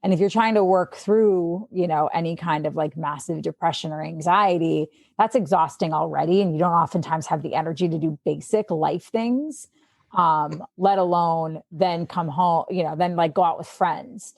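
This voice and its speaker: A woman with a Midwestern accent, a sports anchor, chatting as a podcast guest and telling stories in a lively way. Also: fairly low pitch, moderate pace, gravelly, dry recording. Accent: Midwestern American. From Milwaukee, Wisconsin. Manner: chatty, animated storyteller. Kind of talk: casual interview chat.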